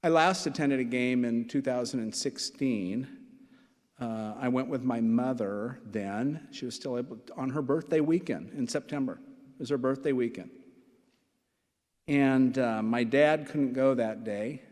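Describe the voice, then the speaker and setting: An older man in his sixties preaches a sermon at an unhurried pace. He tells stories with asides and repeats key phrases, his voice ringing with long reverb from a church hall. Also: mid-range voice, darkish tone. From Nebraska. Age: 60s. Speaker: pastor. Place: church sanctuary.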